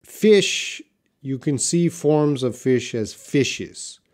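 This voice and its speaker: A man teaching English on a live stream, reading out viewers' questions from the chat and answering them in a relaxed way, thinking aloud with many fillers. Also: mid-range voice, drawn-out words.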